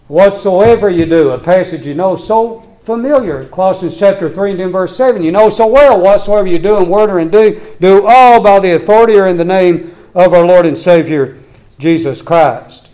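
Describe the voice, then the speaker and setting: A man's voice: high voice, lively intonation, normal speed, a little mellow, low-quality recording. A man preaching a sermon, reading scripture aloud with earnest emphasis and urging his listeners.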